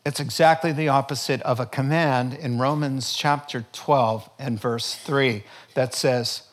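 A man preaching a sermon in an animated, joking way. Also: medium pitch. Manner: animated, joking preacher, rapid lively delivery. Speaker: pastor.

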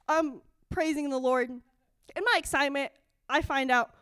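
A young adult woman giving an excited, animated testimony in a church service, acting out her own quoted dialogue. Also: high voice, measured pace, no room sound, some chatter behind. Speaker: church speaker.

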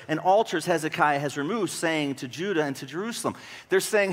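Pastor preaching in a reverberant hall. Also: male voice, fairly high pitch, lively intonation, brisk, a bit bright. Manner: conversational preaching with rhetorical questions and dramatic retelling. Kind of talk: sermon.

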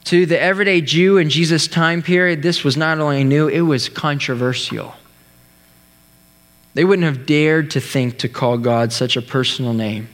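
A man preaching a sermon, telling a story in an earnest way, with pauses and restarts. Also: a little high, fairly bright tone. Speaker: pastor. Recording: long hall reverb.

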